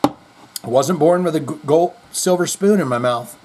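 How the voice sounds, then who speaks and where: A man's voice: fairly high pitch, a little slow, darkish tone, a little hiss or hum. A middle-aged man hosting a podcast, rambling in casual chat with self-deprecating jokes. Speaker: podcast host.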